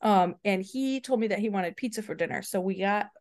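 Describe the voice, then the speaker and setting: A podcast co-host in her thirties chats casually, animatedly telling funny stories about parenting and laughing often. Her voice is mid-range and her pace brisk.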